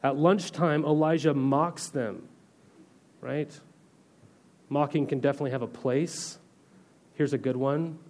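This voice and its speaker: A man preaches in a relaxed, conversational way, reading a passage of scripture and then unpacking it with casual comparisons. His speaking voice sits a little high for a man. He keeps checking in with his listeners through rhetorical questions. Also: unhurried, pauses often. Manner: reads scripture aloud, then explains it in everyday terms. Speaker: pastor. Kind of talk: sermon teaching.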